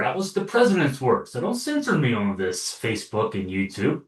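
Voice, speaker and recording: A man's voice: medium pitch, huge pitch swings, moderate pace, few pauses. Sarcastic male news commentator, roomy sound. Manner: sarcastic, wry asides; loose delivery with many fillers and restarts. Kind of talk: political commentary. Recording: roomy echo, distant from mic.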